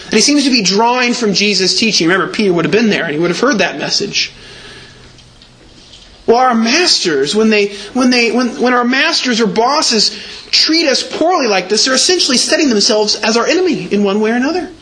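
Pastor, male, high voice, emphatic sermon delivery, slight background noise. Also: lively intonation, fairly quick, bright, forceful tone. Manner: earnest, emphatic preaching with repeated words.

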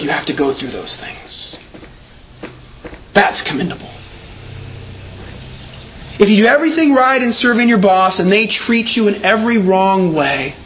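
Pastor, male, high voice, emphatic sermon delivery, slight background noise. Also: a bit bright. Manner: earnest, emphatic preaching with repeated words.

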